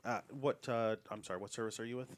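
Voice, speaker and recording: Give me a wary German office manager with a low, measured voice, put on by a man. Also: steady tone, close to an everyday voice. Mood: guarded. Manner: measured, guarded and polite. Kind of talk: tabletop role-play voicing.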